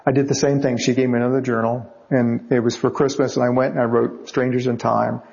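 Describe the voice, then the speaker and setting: Older male novelist guest, gravelly, muffled lo-fi sound, vivid raconteur. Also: mid-range voice, brisk. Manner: lively storyteller, acts out quoted voices. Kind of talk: anecdotal interview answers. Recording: slightly dull lo-fi audio.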